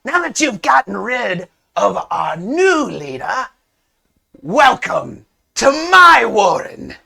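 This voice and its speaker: A man voicing a scarred kobold leader who boasts loudly and theatrically about taking charge. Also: high voice, big pitch swings, takes it slowly, creaky, voice pushed up, exaggerated voice. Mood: boastful.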